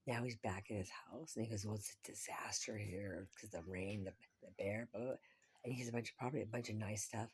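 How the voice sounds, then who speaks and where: A woman's voice: extremely low pitch, darkish tone, slightly rough. A woman vlogging in a rambling, profane monologue, often dropping to a whisper.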